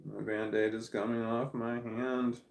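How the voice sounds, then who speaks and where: Casual male vlogger, mid pitch, candid, rambling, roomy echo. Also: little pitch movement, measured pace, gravelly. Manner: candid, wandering, self-deprecating, often trailing off. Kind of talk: casual rambling monologue to camera. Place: at home in a room, with a puppy in his lap.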